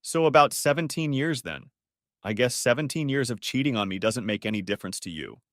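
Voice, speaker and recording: A man's voice: medium pitch, lively intonation, fairly quick, a bit bright, dry recording, clean studio sound. A man voicing a betrayed husband who speaks in a caustic, commanding tone. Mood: cold. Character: betrayed husband, cold and controlled, flaring angry.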